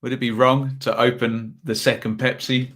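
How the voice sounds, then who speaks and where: Chatty bright-voiced man hosting a watchalong. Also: medium pitch, level tone, moderate pace, slight background noise. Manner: chatty, reads out viewer comments between match updates. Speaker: live stream host. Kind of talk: casual football watchalong commentary.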